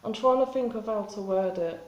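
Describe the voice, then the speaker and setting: Halting, rambling woman in an echoey room. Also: medium pitch. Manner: halting, rambling, many restarts. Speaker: vlogger. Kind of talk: spontaneous confessional vlog.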